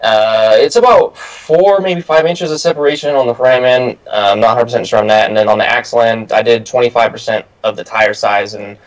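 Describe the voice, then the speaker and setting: A man in casual chat, explaining his build hesitantly with many pauses and uhs. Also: medium pitch, rough recording. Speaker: guest truck builder.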